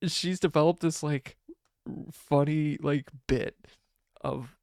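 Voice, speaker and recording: A man's voice: on the high side, steady tone, takes it slowly, vocal fry, a little mellow, dry recording, studio quality. A man hosting a casual solo livestream podcast. He rambles, restarts his sentences, corrects himself often and laughs a lot. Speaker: podcast host.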